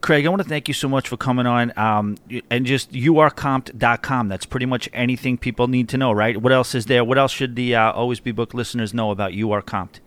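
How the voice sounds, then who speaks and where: A man's voice: medium pitch, fairly quick, few pauses. Easygoing male podcast host. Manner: relaxed, laughing, asks rambling questions. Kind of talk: casual interview chat.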